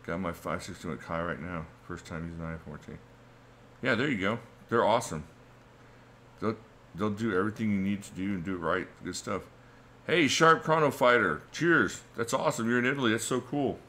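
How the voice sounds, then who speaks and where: A man's voice: lowish voice, a little fast, bright, forceful tone, a little hiss or hum. A middle-aged man hosting a casual livestream, reading chat comments and laughing often in a chatty, laid-back way. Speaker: livestream host.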